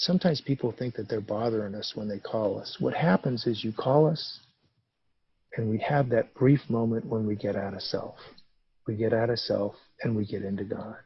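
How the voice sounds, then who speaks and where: A middle-aged man speaking at a recovery meeting, telling a personal story in an animated, conversational way and acting out the dialogue. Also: lowish voice, normal speed, husky, dry recording, highs cut off.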